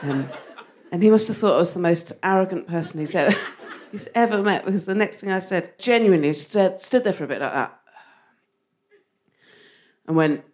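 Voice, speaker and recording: A woman's voice: lowish voice, lively intonation, moderate pace, long pauses, a little mellow. A woman performing live stand-up comedy on a theatre stage, playful and self-mocking, often laughing through her lines. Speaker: comedian, co-host.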